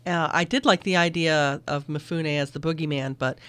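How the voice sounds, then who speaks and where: A woman's voice: low-pitched, steady tone, moderate pace, a bit bright, smooth. A middle-aged woman who teaches film, talking it over casually and thoughtfully and laughing easily. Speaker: film instructor and guest.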